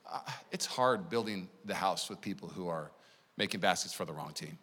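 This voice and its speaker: A man preaching a sermon as pastor, conversational and energetic, telling stories to the congregation. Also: low voice, moderate pace, husky. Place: church sanctuary. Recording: long church hall reverb.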